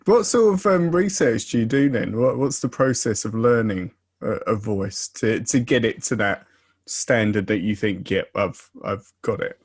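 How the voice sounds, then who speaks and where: A man's voice: mid-range voice, moderate pace, breathy edge, no echo, studio quality. A man asking curious questions in an interview.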